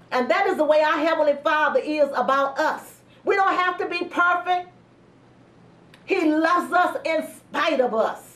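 A middle-aged woman pastor giving a sermon testimony, telling a personal story slowly and earnestly with heartfelt pauses. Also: high voice, a bit bright. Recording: roomy sound from a distance.

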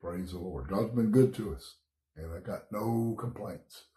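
Streaming a relaxed morning Bible study, the pastor reads scripture aloud and chats folksily despite a little cough from being sick. He speaks a little slowly in a lowish, dark voice, and the room sounds echoey.

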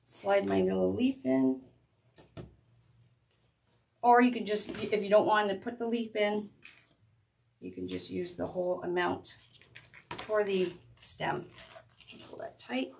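A woman's voice: medium pitch, fairly even intonation, takes it slowly, gravelly, long pauses, darkish tone, a little hiss or hum. Chatty woman demonstrating a craft. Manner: chatty and rambling, restarts sentences while working with her hands. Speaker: craft tutorial host. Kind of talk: casual step-by-step craft demonstration.

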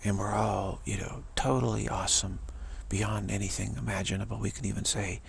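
A man giving an informal spiritual talk, halting and repeating himself, often sinking into a whisper. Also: fairly low pitch, level tone, creaky, slight background noise. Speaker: spiritual speaker.

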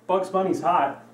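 A man's voice: fairly high pitch, a little mellow, reverberant, recorded from a distance. A young man delivering a profane, rambling comedy rant, repeating himself to hammer points. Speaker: comedy vlogger.

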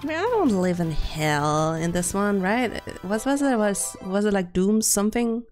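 A woman's voice: animated, moderate pace, a little mellow. Giggly woman streamer with faint music. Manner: giggly, playful, breaks into squeaky silly voices. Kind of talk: casual gameplay chat with friends.

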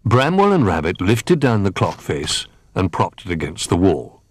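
A man reading a children's storybook aloud in an expressive, gentle manner. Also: deep voice, normal speed, husky, dry recording, studio quality.

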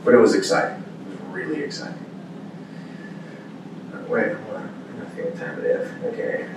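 Heard from a distance in a large, echoing hall with faint background hum, a man speaks as a voice actor guest at a convention panel's storytelling Q&A. His voice is on the low side at a normal speed, and he tells stories with animation, performing the characters' exclamations.

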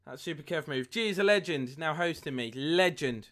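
A young man live-streaming a football game, chatting with viewers and getting excited at near misses. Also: a little high, brisk. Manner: chatty, reads chat aloud, excitable at goals. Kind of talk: live gameplay commentary and chat.

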